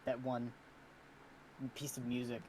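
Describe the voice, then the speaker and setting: A podcast co-host telling a story in a halting way, restarting often and trailing off. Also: medium pitch, monotone, mellow, a little hiss or hum, rough recording. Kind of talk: casual chat.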